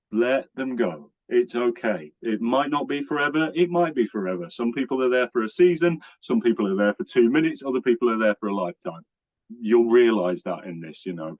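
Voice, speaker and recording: A man's voice: lowish voice, poor audio. A man hosting a podcast, talking earnestly and at length about self-love and boundaries. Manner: earnest, rambling, acts out quoted voices. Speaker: podcast host. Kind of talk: casual spiritual chat.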